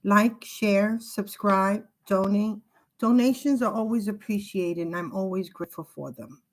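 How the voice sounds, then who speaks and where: A woman hosting her spiritual tarot vlog, talking in a halting, tearful and apologetic way as she cries. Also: mid-range voice, fairly even intonation. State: crying. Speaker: tarot reader.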